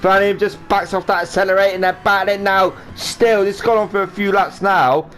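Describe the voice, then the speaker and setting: A man's voice: high-pitched, fairly even intonation, a little fast, fairly bright tone, faint music behind. A man giving rambling, jokey live commentary on a sim race he is also driving in, with a faint hum of game sound behind him. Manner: rambling, jokey, does silly voices for drivers.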